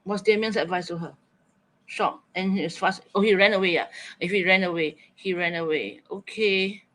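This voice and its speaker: A man's voice: high voice, steady tone, moderate pace, bright, forceful tone, poor audio. A man teaching an online writing lesson, coaxing students, thinking aloud and repeating their chat answers back.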